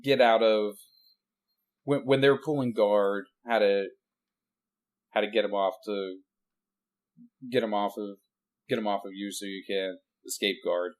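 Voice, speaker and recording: A man with a fairly low voice talks on a casual podcast. He is laid-back, asks his co-host questions and explains techniques one step at a time. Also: fairly even intonation, measured pace, long pauses. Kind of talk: casual chat.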